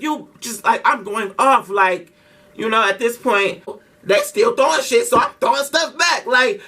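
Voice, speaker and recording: A man's voice: very high voice, unhurried, bright, forceful tone, recorded from a distance. A man telling a story casually to his vlog audience, slangy and profane, with lots of restarts. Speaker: vlogger.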